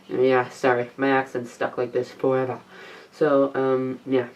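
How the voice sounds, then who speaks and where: Rambling teen girl with a low, dark voice. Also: completely flat delivery, moderate pace, poor audio. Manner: rambling, chatty, with asides to the camera. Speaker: YouTuber reviewing DVDs. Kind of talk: casual vlog review.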